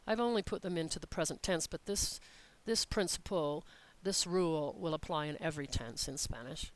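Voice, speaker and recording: A Spanish teacher explaining grammar step by step in a recorded lesson, patient and methodical, reading example sentences slowly and clearly. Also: medium pitch, poor audio.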